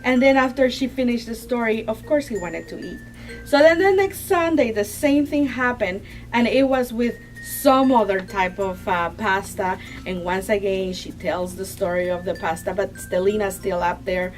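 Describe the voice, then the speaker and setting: A woman's voice: mid-range voice, normal speed, soft background music, rough recording. Enthusiastic woman talking up children's books. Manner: enthusiastic, laughs often. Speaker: guest book reviewer. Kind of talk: casual chat about children's books.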